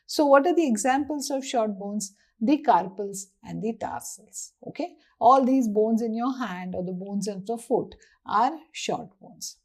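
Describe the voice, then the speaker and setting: A woman's voice: fairly high pitch, unhurried, hardly any pauses. A woman with an Indian English accent teaching anatomy, asking questions and answering them herself. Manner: lively, asks and answers her own questions. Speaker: anatomy lecturer. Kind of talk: classroom lecture.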